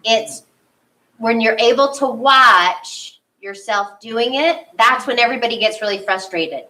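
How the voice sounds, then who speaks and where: Woman spiritual leader, fairly high, bright voice; chatty sermon with acted-out asides, distant mic. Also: a little slow. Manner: animated, acts out her own inner thoughts. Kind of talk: conversational sermon.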